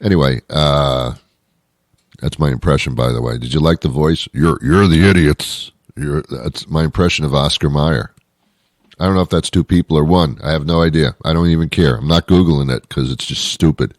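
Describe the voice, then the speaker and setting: A deep-voiced man hosts his talk show, riffing sarcastically and rambling from one gripe to the next. The sound is dry and close, with no room around it. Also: brisk, no echo. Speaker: radio show host. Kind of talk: casual comic monologue.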